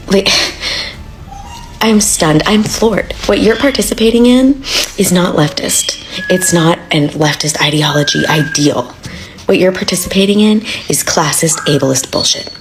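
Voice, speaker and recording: A woman's voice: lowish voice, poor audio. A woman from the American South in an angry rant to camera, outraged and lecturing.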